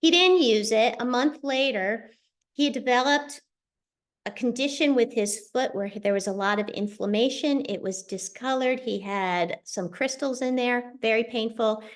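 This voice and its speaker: A middle-aged woman hosting a show, telling a personal story in a chatty, animated way over a video call. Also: a little high. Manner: chatty, animated, quick asides. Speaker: host sharing a personal testimonial. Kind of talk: casual storytelling.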